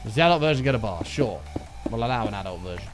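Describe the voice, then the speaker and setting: A man talking through a gaming livestream in a loose, jokey way, reading out chat and answering it. His pitch jumps around a lot as he talks, and faint music plays underneath. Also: lively intonation, rapid-fire. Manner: jokey, chatty, reads and answers chat aloud. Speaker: streamer.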